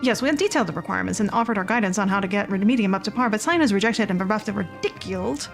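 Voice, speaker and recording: A woman's voice: medium pitch, animated, rapid-fire, vocal fry, faint music behind. A woman voicing a formal, wordy male apothecary in a game.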